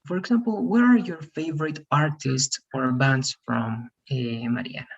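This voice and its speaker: A man's voice: a little high, normal speed, gravelly, slightly rough, highs cut off. A man teaching an English lesson over a video call, patient, often checking in with "right?". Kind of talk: one-on-one online English lesson.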